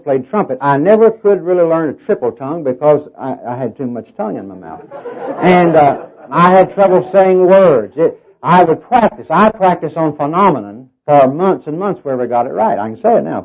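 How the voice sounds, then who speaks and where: A middle-aged man with a Southern US accent and a nasal tone, preaching a sermon in a folksy storytelling way full of fillers and self-deprecating humor. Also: fairly high pitch. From Oklahoma, raised in Arkansas. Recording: dull lo-fi sermon tape.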